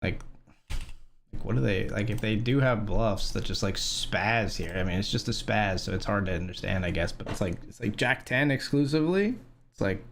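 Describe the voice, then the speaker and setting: A man's voice: on the low side, moderate pace, gravelly, a little hiss or hum. Rambling poker streamer guy, swearing casually. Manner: rambling, filler-heavy, profane; excitable when winning. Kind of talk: casual live-stream commentary.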